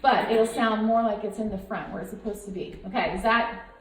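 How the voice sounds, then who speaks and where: A young woman leading a girls' choir through warm-ups, explaining and coaching in an upbeat way. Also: medium pitch, steady tone, a little fast. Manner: upbeat, coaching, demonstrates by singing. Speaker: choir director. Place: large echoey room with a choir. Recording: roomy echo with choir in the background.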